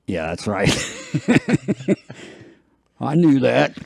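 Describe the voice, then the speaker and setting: Rambling gravelly man in his fifties. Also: mid-range voice, wildly swooping pitch, drawn-out words, a little mellow. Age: 50s. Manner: rambling, jokey, laughs at own jokes. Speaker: podcast host. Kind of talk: casual chat.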